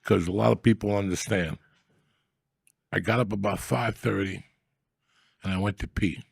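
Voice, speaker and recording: A man's voice: lowish voice, steady tone, normal speed, gravelly, slightly rough, no echo, clean studio sound. A man hosting a comedy podcast, telling profane, rambling stories in crude casual banter.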